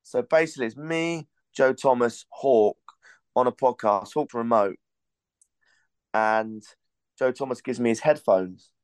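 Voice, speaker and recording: A man's voice: medium pitch, unhurried, long pauses, clean tone, no echo. A man hosting a podcast, telling a rambling, casual story and swearing now and then. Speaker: podcast host.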